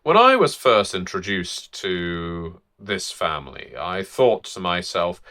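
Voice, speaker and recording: A man hosting tabletop game lore videos in a measured, wry, theatrical gentleman's narration. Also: low-pitched, big pitch swings.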